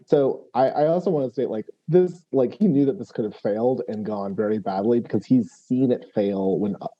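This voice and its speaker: A man's voice: medium pitch, normal speed, warm tone. Guy explaining his character's big move, tons of ums and restarts, muffled stream sound. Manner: hesitant, many restarts and fillers, laughs often. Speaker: player.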